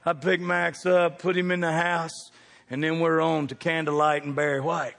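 A man preaching a humorous storytelling sermon, animated and jokey, swinging from hushed asides to loud calls. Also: on the high side, moderate pace, creaky, slight background noise. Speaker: pastor. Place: church sanctuary with congregation. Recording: long hall reverb.

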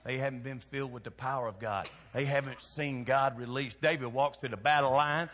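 A man from Kentucky with a Southern accent, a pastor preaching a sermon that swings from hushed lows to shouted exhortation. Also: fairly even intonation, fairly quick. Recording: long hall reverb.

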